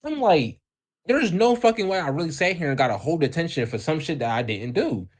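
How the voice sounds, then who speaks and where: A young man co-hosting a podcast, telling a story in a casual, animated way, acting out the people in it with lots of slang and swearing. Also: a little high, a little fast. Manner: animated, acts out quoted voices, heavy profanity and slang. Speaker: podcast co-host.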